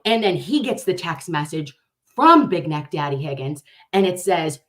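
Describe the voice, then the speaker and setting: A woman hosts a casual livestream, talking straight to her viewers. Her storytelling is rambling, animated and full of swearing. She sounds loose and unscripted. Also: fairly low pitch, normal speed. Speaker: livestream host.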